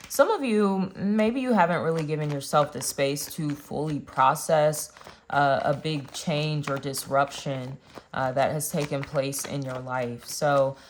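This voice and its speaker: Woman, young adult, low pitch, casual tarot reading, chatty, talks straight to viewers. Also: unhurried, slight background noise. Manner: chatty, addresses viewers directly with many fillers. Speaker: tarot reader.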